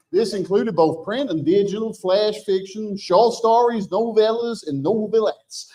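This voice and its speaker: A man's voice: sits high, a little mellow. A man doing an exaggerated put-on Texan accent as a hammy, drawling awards announcer who whoops between names. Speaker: awards presenter.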